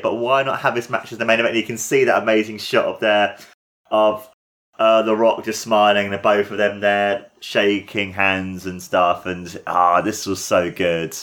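A man hosting a casual podcast, talking viewers through a match he loves with excitable, gushing commentary full of "like" and "you know". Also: on the low side, moderate pace. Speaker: podcast host.

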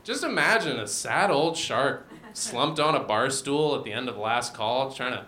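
A young man performing a stand-up comedy set with a deadpan, self-deprecating delivery. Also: mid-range voice, a little slow. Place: comedy venue with audience. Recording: roomy venue sound.

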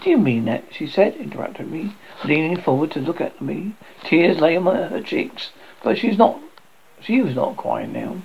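A man with a gravelly, husky voice giving a theatrical reading of a classic horror story, stumbling and restarting now and then. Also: a little high, huge pitch swings, normal speed, darkish tone, muffled recording.

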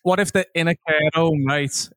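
A man's voice: a little high, fairly even intonation, normal speed, fairly bright tone, smooth, dry recording, studio quality. A young man telling a crude, laughing anecdote on a podcast recorded from home. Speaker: podcast co-host. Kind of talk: casual chat, storytelling.

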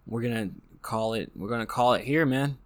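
A man's voice: medium pitch, fairly quick. An American man hosting a casual monologue, rambling and joking with frequent restarts. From United States. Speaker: podcast host.

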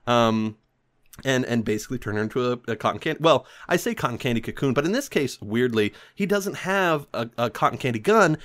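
A man's voice: mid-range voice, a bit bright. Rambling, profane man recapping a movie. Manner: rambling, profane, self-mocking, laughs often. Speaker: podcast host reviewing a film. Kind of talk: casual solo commentary.

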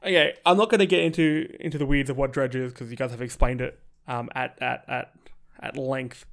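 A man chatting as a guest on a casual podcast, animated and full of restarts. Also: medium pitch, fairly quick, creaky.

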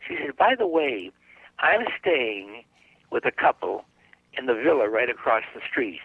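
A man's voice: medium pitch, very animated, unhurried, husky, no room sound. An older man, a guest psychic, telling a long anecdote in a radio interview and acting out the dialogue as he goes. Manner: chatty anecdotal storyteller, acts out dialogue. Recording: dry, phone-like narrow line.

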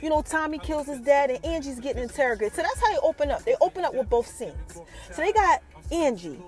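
Woman podcast host, lively high voice, casual episode recap, quizzes her listeners. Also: fast talker, faint music behind. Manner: animated, keeps asking the listeners questions.

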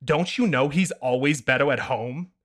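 A man's voice: mid-range voice, moderate pace, fairly bright tone, natural voice. A man doing a comedic voice of a nerdy, know-it-all boy lecturing his mother. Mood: pedantic. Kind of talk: comedic impression in a podcast.

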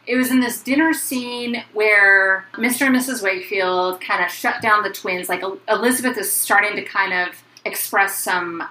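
A woman co-hosting a book podcast discusses a book casually and chattily, with many fillers and passages read aloud. Her mid-range voice has a sharp tone, a moderate pace and hardly any pauses, in an echoey room with faint noise.

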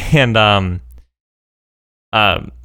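A man's voice: on the low side, drawn-out words, pushed and bright, clean tone, no echo, clean studio sound. A young man co-hosting a podcast, telling laid-back stories in casual chat and acting out the people he quotes. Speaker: podcast co-host.

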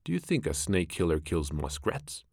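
A man voicing a brave, proud young male mongoose in a storybook reading, brisk and scornful. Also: a bass voice, lively intonation, darkish tone, dry recording, studio quality, heavily acted.

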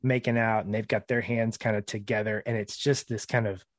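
A man's voice: fairly low pitch, fairly even intonation, brisk, dry recording, clean studio sound. A man co-hosting a podcast, chatting casually through a TV episode recap in a reflective way, often laughing mid-sentence. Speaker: podcast co-host.

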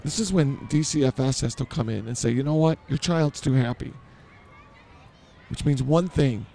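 Man, comedy podcast host, ranting, blustering, dark, gravelly. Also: medium pitch, moderate pace, slight background noise. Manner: blustering, ranting, mock-authoritative.

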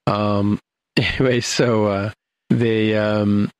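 A man's voice: on the low side, flat delivery, slow pace, clear, resonant tone, rough recording. An older man casually recapping a TV episode, rambling with many fillers and restarts.

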